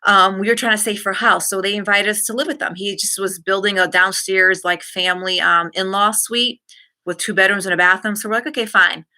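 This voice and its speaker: A middle-aged woman hosting a live stream, talking frankly to her viewers and telling a personal story with lively asides. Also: medium pitch, fairly quick. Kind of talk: candid live-stream talk.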